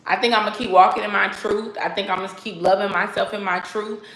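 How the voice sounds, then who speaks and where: A woman talking casually to her viewers in a sassy, animated vlog style, laughing and swearing freely. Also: medium pitch, fast talker, reverberant, low-quality recording. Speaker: vlogger. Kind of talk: casual self-talk vlog.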